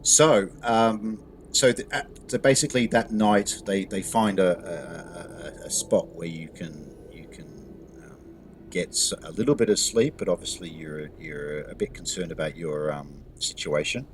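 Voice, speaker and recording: A man's voice: low voice, unhurried, a little hiss or hum. A man narrating as game master in a tabletop game, rambling with many restarts.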